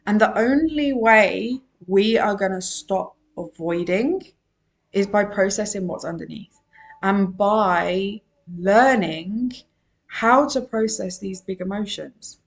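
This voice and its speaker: A woman's voice: mid-range voice, slow pace, gravelly. Earnest woman coaching on podcast. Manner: earnest, emphatic, repeats key phrases. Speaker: emotional wellbeing coach. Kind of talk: solo podcast monologue.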